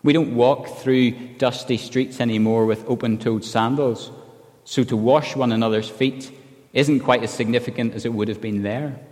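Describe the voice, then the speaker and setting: A man's voice: medium pitch, fairly even intonation, normal speed, darkish tone. Guy giving an earnest sermon, acts out the quotes, long echo off the hall. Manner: earnest expository preaching, acts out quoted lines. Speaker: preacher.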